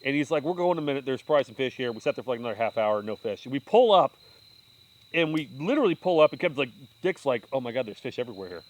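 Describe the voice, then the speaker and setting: A man's voice: mid-range voice, rapid-fire. A young man, host of a podcast, telling fishing stories in casual chat and acting out voices. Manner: animated, acts out voices in anecdotes. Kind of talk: casual storytelling.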